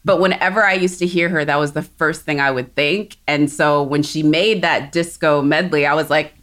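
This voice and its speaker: A woman from South Texas co-hosting a casual podcast chat, talkative and quick to laugh. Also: deep voice, fairly even intonation, a bit bright. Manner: chatty, laughs often, quick asides. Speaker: podcast co-host.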